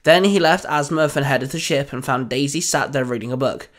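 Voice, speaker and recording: A man's voice: medium pitch, brisk, fairly bright tone. A man hosting an audio storytelling channel, reading fan fiction aloud with upbeat, dramatic narration.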